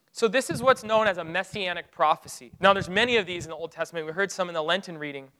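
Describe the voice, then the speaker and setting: A man preaching a sermon, retelling a Bible story with rising excitement and dropping to hushed, solemn tones. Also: high voice, fast talker, few pauses, poor audio. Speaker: pastor.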